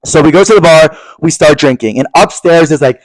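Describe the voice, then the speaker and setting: Fast-talking animated young man. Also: on the high side, dry recording, rough recording. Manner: animated, gossipy, profane, jumps into quoted voices. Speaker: podcast co-host. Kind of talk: casual storytelling chat. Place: podcast studio.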